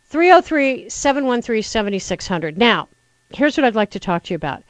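A middle-aged woman talk radio host with a fairly high voice, ranting with wry sarcasm into a studio microphone. Her sound is close and dry. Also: big pitch swings, normal speed, no room sound, poor audio. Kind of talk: opinionated talk radio rant.

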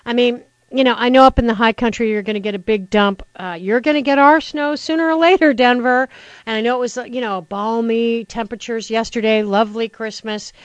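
Sarcastic, animated woman radio host. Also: on the high side, a little fast, no echo, lo-fi sound. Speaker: radio talk show host. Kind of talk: opinionated talk radio rant.

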